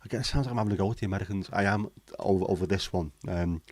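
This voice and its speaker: A man's voice: sits low, very fast, darkish tone, dry recording. A man chatting casually on a livestream, blunt, sweary and cynical. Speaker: livestream host. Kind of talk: casual chat.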